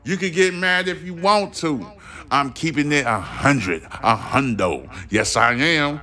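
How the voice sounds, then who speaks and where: A man's voice: fairly high pitch, animated, a little slow, pushed and bright. A man hosting a solo podcast, ranting in a heated, profane and defiant way, preaching at his listeners. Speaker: podcast host.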